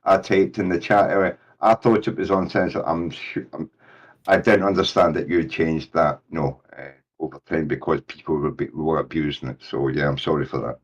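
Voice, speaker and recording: A man's voice: very deep voice, fairly even intonation, moderate pace, highs cut off. Man in his 60s, rambling, loose casual chat. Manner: rambling, repeats "you know what I mean". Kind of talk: casual group call chat.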